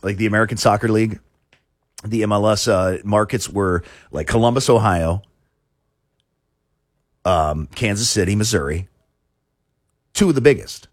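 A man's voice: lowish voice, normal speed, pauses often, dry recording, studio quality. A man hosting a talk show, chatting casually in a rambling way with many restarts and chuckles. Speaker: show host.

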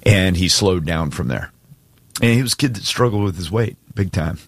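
A man co-hosting a casual talk show, telling a story with deep feeling and choking up at times. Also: lively intonation, moderate pace, husky, no room sound. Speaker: co-host. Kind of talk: casual chat.

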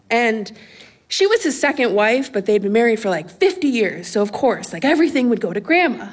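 A young adult woman telling a comic personal story on stage at a live storytelling event, animated and laughing as she talks. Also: on the high side, fairly quick. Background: audience laughter.

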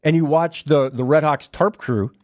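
A man hosting a morning radio show, chatting and reading updates in a brisk, upbeat announcer manner. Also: a little high, a little mellow, dry recording. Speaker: radio host. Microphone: studio microphone. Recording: slightly dull, dry radio studio sound.

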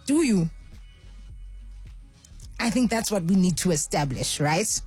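A woman hosting a call-in radio show, telling a story with lively energy and acting out the voices of the people in it. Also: fairly low pitch, unhurried, slightly rough. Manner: animated storyteller, acts out voices. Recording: faint music bed behind.

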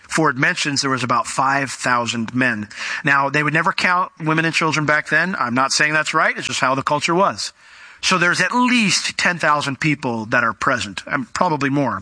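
A male pastor preaching an expository sermon in an animated, conversational way, often acting out quotes. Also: medium pitch, normal speed, no echo.

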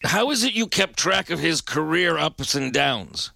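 A man's voice: on the high side, expressive, a little slow, creaky, pushed and bright, no echo. A man hosting a late-night call-in radio show, teasing his caller with dry jokes. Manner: dry, teasing, joke-telling.

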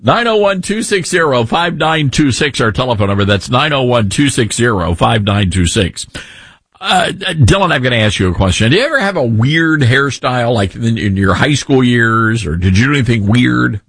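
A man's voice: medium pitch, sing-song, moderate pace, a bit bright, breathy edge, dry recording. A man in his fifties hosting a talk radio show, opinionated, rambling and jokey. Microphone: studio mic.

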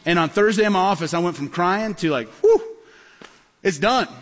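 Male pastor, higher voice, animated storyteller preaching a sermon; long hall reverb. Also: fast. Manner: animated, acts out dialogue in stories.

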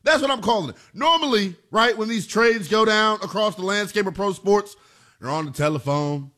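A man hosting a sports talk radio show, delivering an emphatic, animated monologue. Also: high-pitched, normal speed.

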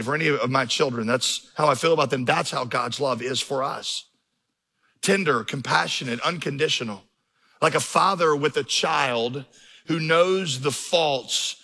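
A man's voice: mid-range voice, moderate pace, sharp tone. A man preaching a sermon as pastor, telling stories and building to impassioned emphasis. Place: large church auditorium. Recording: reverberant hall.

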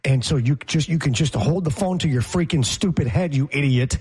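A man co-hosts a podcast in loose, casual chat. His voice sits a little high and sounds husky. He rants bluntly, with a sarcastic edge. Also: brisk, darkish tone. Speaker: podcast co-host.

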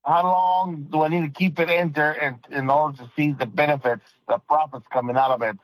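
A man's voice: on the high side, steady tone, a little fast, no room sound, low-quality recording. A man calling in to a radio show, polite and a little hesitant as he asks his question. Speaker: caller. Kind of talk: phone-in question.

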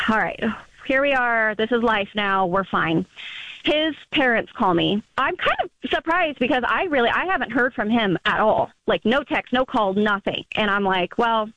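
A woman's voice: on the high side, a bit bright, dry recording. A woman calling in to a radio show, telling her story in a chatty way, full of "like" fillers. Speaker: caller. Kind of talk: phone-in storytelling. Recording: muffled phone line.

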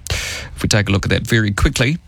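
This fairly low male voice moves at a quick clip with some vocal fry, captured dry in a radio studio. He's the morning show host, breezily going over the news and joking wryly about politics with lively, chatty energy.

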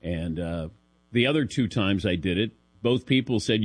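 A middle-aged man hosting a sports talk show, telling a self-deprecating story in a casual, animated way into a studio mic. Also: lowish voice, normal speed, no room sound. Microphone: studio broadcast mic.

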